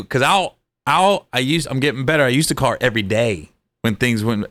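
A middle-aged man telling lively, profane stories in a casual podcast chat, jumping his pitch up for quoted voices. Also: brisk. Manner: animated storyteller, swearing, jumps high for quoted voices. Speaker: podcast co-host.

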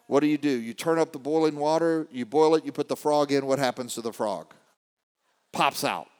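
A male motivational speaker giving a live keynote, rallying the audience with questions and swinging from hushed asides to shouted peaks. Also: mid-range voice. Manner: rallies the crowd with call-and-response questions. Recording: long hall reverb.

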